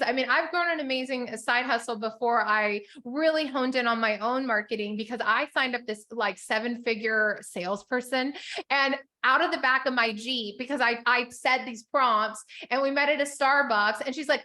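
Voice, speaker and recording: High, bright-voiced chatty woman coach. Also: brisk. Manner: chatty, upbeat, filler-heavy with many "like"s. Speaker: business coach. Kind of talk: motivational teaching to a live group.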